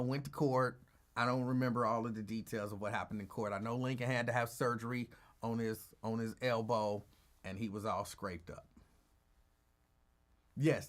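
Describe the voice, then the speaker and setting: A man's voice: medium pitch, moderate pace. A male radio talk show host telling a story in a casual, teasing way and acting out the quotes. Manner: animated, teasing, acts out quotes.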